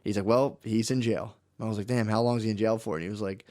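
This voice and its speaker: A man's voice: on the low side, little pitch movement, very fast, darkish tone. A young man co-hosting a casual comedy podcast, telling a rambling, profane story and laughing through it. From United States. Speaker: podcast co-host.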